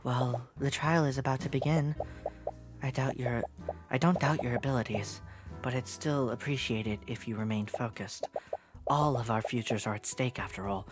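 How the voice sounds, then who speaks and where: A woman voicing a reserved young woman in a flat, quiet, faintly British-sounding manner. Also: a bass voice, normal speed, music in the background, voice pushed down. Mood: composed.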